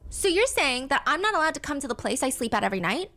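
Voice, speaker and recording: A woman's voice: high voice, big pitch swings, quick pace, pushed and bright, voice pushed up, full character voice. Woman voicing a hostile, demanding young woman, curt and scornful.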